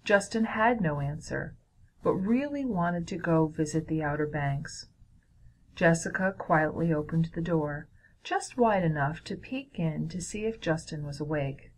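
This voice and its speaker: A woman's voice: lowish voice, rough recording. Woman reading a children's story aloud.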